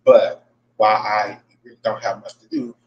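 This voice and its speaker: A man's voice: fairly low pitch, flat delivery, moderate pace, dull audio. Exasperated man ranting on a podcast. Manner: exasperated, profane, repeats himself. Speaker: podcast host. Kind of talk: casual venting podcast. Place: at his workplace. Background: faint buzzing ambience.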